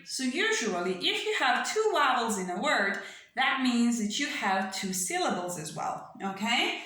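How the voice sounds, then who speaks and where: A woman teaching young children English phonics in a recorded online lesson, spelling words out letter by letter slowly and patiently, and checking in often with "okay?" and "yeah?". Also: on the high side, expressive, pushed and bright. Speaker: primary school English teacher. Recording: very echoey room.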